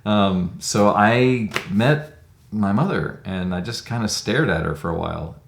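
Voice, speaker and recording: A man in his fifties with a very low voice recounts his own story in a thoughtful, conversational way, often pausing with "um". The sound is roomy with a noticeable echo. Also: gravelly, slight background noise. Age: 50s. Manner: reflective, conversational, many "um"s. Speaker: interviewee. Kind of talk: personal storytelling.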